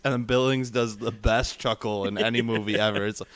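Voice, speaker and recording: A man with a fairly low voice co-hosts a casual movie podcast, recorded dry and close. He laughs a lot and throws himself into quoting film lines. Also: level tone, brisk, dry recording. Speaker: podcast co-host. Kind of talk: casual movie review chat.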